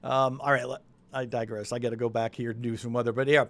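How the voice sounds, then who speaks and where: A man's voice: medium pitch, little pitch movement, fast talker, a bit bright. A man from New England hosting a weather show, talking loosely and chattily and thinking aloud as he walks through the forecast. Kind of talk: casual live weather talk.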